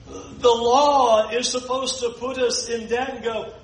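A man's voice: very high-pitched, level tone, a little slow, few pauses. A man preaching a sermon as pastor, emphatic, often acting out the voices of the people he quotes. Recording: roomy echo.

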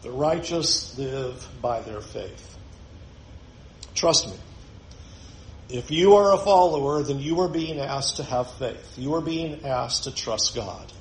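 A man's voice: medium pitch, lively intonation, slow, reverberant, slight background noise, poor audio. A man preaching a sermon in a conversational way, with joking asides. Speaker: pastor.

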